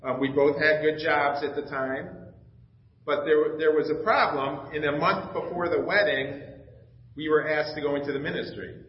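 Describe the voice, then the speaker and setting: A middle-aged pastor with a fairly high, steady voice speaks at normal speed, sharing a personal testimony from the pulpit. Telling the story with emotion, he acts out the dialogue of the other people involved. His voice rings through a reverberant church sanctuary, and the slightly dull recording carries faint background noise.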